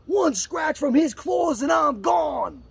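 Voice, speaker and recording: An excitable, clumsy wildlife-show host with an Australian accent, calling out and shrieking, as a man puts him on. His voice sits very high with a gravelly edge and leaps all over the place. Music plays clearly beneath the comedy sketch. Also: slow, raised voice, full character voice. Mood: gung-ho. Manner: exclamatory, shrieks in panic.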